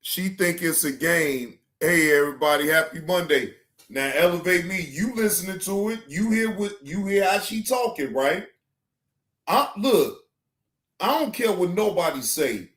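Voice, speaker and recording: Bright high-voiced guy reacting on stream, slow and blunt, cussing a lot. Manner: blunt, profane, scolding; animated, shouting at times. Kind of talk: casual reaction commentary.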